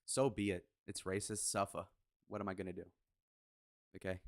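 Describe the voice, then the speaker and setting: A man's voice: low voice, flat delivery, moderate pace, no echo, clean studio sound. A man hosting a live reaction stream, talking in a brash, crude, mocking way. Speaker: livestream reaction host. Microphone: headphones on, desk mic.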